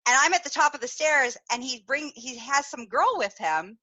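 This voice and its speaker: A woman hosting a podcast, telling a personal story in a candid, animated way, laughing often and swearing freely. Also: high voice, normal speed, muffled recording. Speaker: podcast host.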